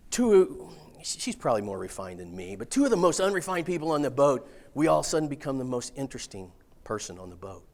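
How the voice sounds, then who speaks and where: Folksy man telling stories. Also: mid-range voice. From Missouri. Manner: folksy, animated, casual swearing. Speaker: speaker. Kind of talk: storytelling keynote talk.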